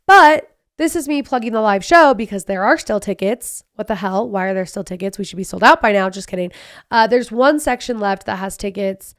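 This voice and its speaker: A woman in her thirties hosting a casual solo podcast, telling personal stories in a chatty, animated way with quick asides. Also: mid-range voice. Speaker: podcast host.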